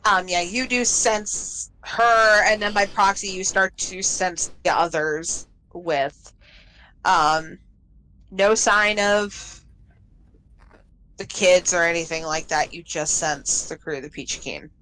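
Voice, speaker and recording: A woman runs a tabletop game, narrating scenes for her players. Her voice is bright and clear. She keeps it loose and easygoing, with plenty of fillers. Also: on the low side, slow pace, slight background noise, low-quality recording. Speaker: game master.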